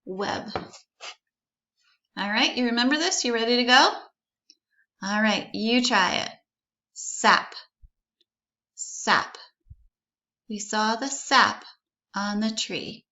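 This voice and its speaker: A woman teaching a phonics lesson to young children, slowly sounding out words letter by letter and encouraging them to repeat. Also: on the high side, pushed and bright, muffled recording.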